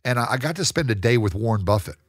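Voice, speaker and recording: A man, a guest in an interview, telling his story in a lively way and acting out the people he quotes. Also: mid-range voice, fast, no room sound, clean studio sound. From United States. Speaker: guest, real estate investor.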